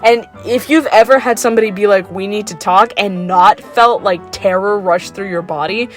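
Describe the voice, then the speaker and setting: Young adult woman, mid-pitch, off-the-cuff vlog rant; rambly, exasperated, trips over her own words; faint music underneath. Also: moderate pace. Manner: rambling, full of fillers and restarts; exasperated, laughs at herself. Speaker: video creator. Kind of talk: unscripted rant about a cartoon episode.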